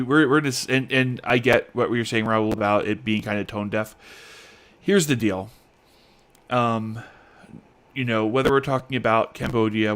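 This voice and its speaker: Earnest, halting man on a podcast panel. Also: lowish voice, fairly bright tone. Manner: earnest, halting, searching for words. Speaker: podcast co-host. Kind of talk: casual panel discussion.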